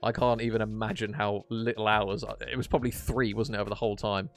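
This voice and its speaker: A man casting an esports match on stream, chatty and jokey, chatting warmly with his viewers. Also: lowish voice, flat delivery, fast talker. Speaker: esports caster. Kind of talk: casual stream commentary reading chat.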